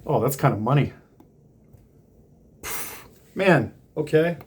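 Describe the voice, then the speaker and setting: Man, slow unhurried pace, rambling, filler-heavy, casual unboxing chat. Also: mid-range voice, animated, breathy edge. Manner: rambling, with many fillers and restarts. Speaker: vlogger unboxing hats.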